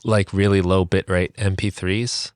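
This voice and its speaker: Deep-voiced man hosting a podcast. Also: little pitch movement, unhurried. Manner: curious, asks short follow-up questions. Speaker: podcast host. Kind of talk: casual interview chat.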